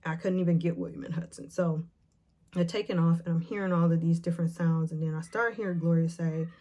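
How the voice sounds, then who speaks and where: A woman vlogger retelling a painful memory, emotional and nervous, with halting speech full of fillers and restarts. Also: lowish voice, fairly even intonation, dark tone. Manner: retells scenes by acting out the quotes. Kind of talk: personal storytelling to camera.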